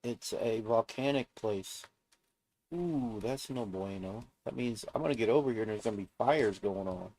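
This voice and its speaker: A man's voice: on the low side, fairly quick, hardly any pauses, darkish tone. A man streaming a game alone, narrating casually in a subdued, downbeat mutter to himself. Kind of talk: casual gameplay commentary.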